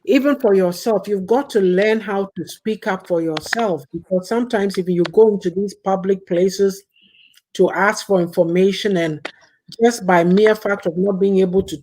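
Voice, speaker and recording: A woman's voice: mid-range voice, moderate pace, mellow, slight background noise, low-quality recording. A woman, hosting a casual chat and giving emphatic advice. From Ghana. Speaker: host.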